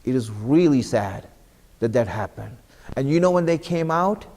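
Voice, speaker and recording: Here a mid-range, slightly mellow male voice speaks with animation at normal speed. He is a speaker at an Islamic center giving an earnest mosque sermon, questioning the congregation again and again, with long reverb echoing through the hall.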